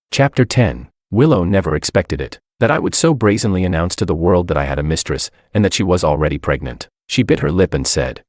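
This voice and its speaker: A man calmly narrating a dramatic first-person story in a cool, sardonic way. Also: low voice, normal speed, few pauses, dry recording, studio quality.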